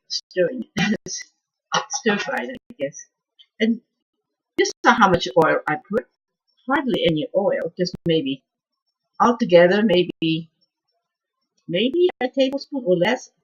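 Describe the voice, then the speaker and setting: Female cooking host, soft-spoken and husky, lively up-and-down pitch, rambling home-kitchen chat. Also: lo-fi sound. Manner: rambling, chatty, trails off with "I don't know". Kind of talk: casual cooking vlog.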